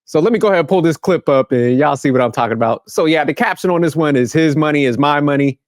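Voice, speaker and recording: A man's voice: fairly high pitch, expressive, quick pace, no room sound, clean studio sound. A man hosting a reaction commentary, ranting bluntly in profane street slang. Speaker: commentary channel host.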